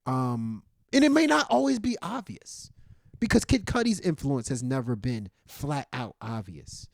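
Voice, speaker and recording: Lively male podcast co-host. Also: mid-range voice, unhurried, creaky, no room sound. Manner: animated, opinionated, thinks aloud. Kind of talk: casual chat. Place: podcast studio.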